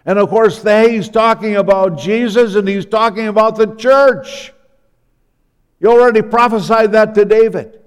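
High-voiced preacher in a reverberant hall. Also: male voice, a little slow, clean tone. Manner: storytelling, acting out the biblical speakers. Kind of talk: sermon.

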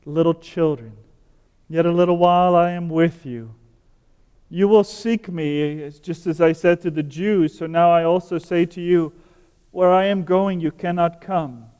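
A tender, comforting male teacher speaks sweetly to his followers, as a preacher gives him voice. The voice is smooth, mellow and a little raised, and it rings with the long reverb of a large hall. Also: a little high, unhurried, natural voice. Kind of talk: sermon scripture reading.

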